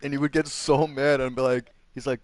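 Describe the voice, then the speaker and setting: A young man casually telling profane high school stories to friends, acting out what teachers said. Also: little pitch movement, a little fast, no echo. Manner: profane, acts out quotes of teachers. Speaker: channel host.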